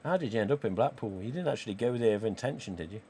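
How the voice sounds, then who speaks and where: A man, croaky today, hosting a live stream and chatting cheekily with viewers. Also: lowish voice, lively intonation, very fast, a little mellow, slight background noise. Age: 40s. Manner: chatty and cheeky, with casual swearing. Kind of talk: casual livestream chat reading viewer comments.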